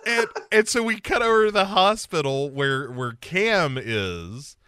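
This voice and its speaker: A man chatting casually about a TV show, acting out its scenes in playful put-on voices. His voice is bright and forceful and swings widely in pitch. The sound is dry and close, with no room around it. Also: sing-song, measured pace, smooth, no room sound. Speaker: podcast co-host. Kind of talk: casual chat recapping a TV show.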